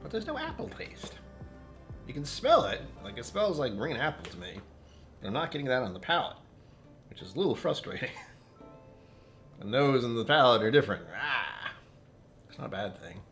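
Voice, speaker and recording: A man's voice: medium pitch, sing-song, moderate pace, gravelly, long pauses, fairly bright tone, faint music behind. A man tasting whisky on a live stream, rambling casually, joking at his own expense and chatting with viewers as he reads out their comments. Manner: rambling, self-deprecating, jumps between topics.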